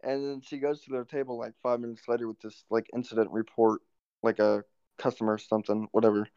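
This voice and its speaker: A man's voice: fairly low pitch, monotone, quick pace, darkish tone, smooth, no echo. A young man hosting a podcast, telling a rambling, profane story in a laid-back way. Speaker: podcast host. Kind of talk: casual storytelling. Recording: dull, dry lo-fi recording.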